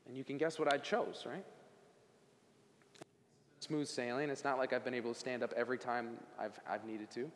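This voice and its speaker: A man giving a personal testimony at a worship service, in animated, conversational storytelling. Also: medium pitch, moderate pace, pauses often. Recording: long hall reverb.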